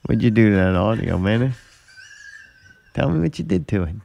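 A man's voice: on the low side, animated, moderate pace, gravelly, dark tone, highs cut off. A man from Louisiana, hosting a casual podcast chat, swearing and laughing as he tells a story.

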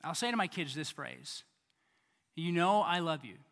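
A man in his thirties preaching a sermon in a conversational way, often repeating words and swinging between loud and quiet. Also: on the high side, lively intonation, normal speed, gravelly, big-room sound. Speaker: pastor.

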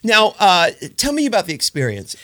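A man's voice: sits high, huge pitch swings, moderate pace, pushed and bright. A middle-aged man co-hosting a podcast in casual chat, playful and teasing with a theatrical flair. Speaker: podcast co-host.

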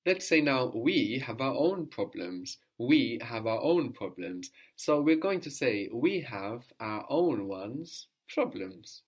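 A man teaching a one-on-one language lesson, patiently prompting his student and slowly repeating the answers. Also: medium pitch, sing-song, slightly rough.

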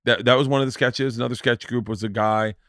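A man's voice: mid-range voice, steady tone, fast, fairly bright tone, dry recording, clean studio sound. A man hosting a podcast in casual chat, rambling through stories and acting out sketches in funny voices. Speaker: podcast host.

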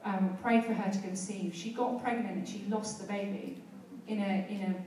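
A woman preacher with a mellow, mid-range voice and fairly even intonation speaks at a moderate pace. Her sermon and prayer move from conversational stories to fervent exhortation, captured from a distance in a very echoey church hall with slight background noise.

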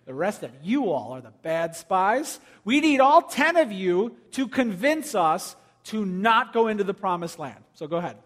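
Male pastor, high voice, animated storyteller, preaching in a big reverberant church. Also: moderate pace, hardly any pauses. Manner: animated storytelling, jokes with the congregation. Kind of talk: sermon. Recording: long hall reverb.

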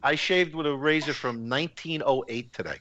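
A man's voice: fairly high pitch, fairly quick, pushed and bright, no room sound, highs cut off. An older man co-hosting a live show, talking bluntly in casual chat and swearing freely.

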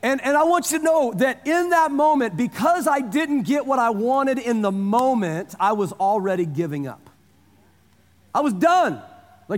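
A man's voice: very high voice, expressive, moderate pace. A man in his forties preaching a sermon in a casual, storytelling way, repeating phrases for emphasis. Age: 40s. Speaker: pastor. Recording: long hall reverb.

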